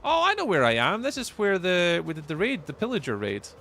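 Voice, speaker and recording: A man's voice: high-pitched, wildly swooping pitch, fairly quick, gravelly, sharp tone, a little hiss or hum. A man with a Scottish accent giving chatty live gameplay commentary as a streamer, answering viewers' chat messages aloud. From Scotland. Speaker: livestreamer.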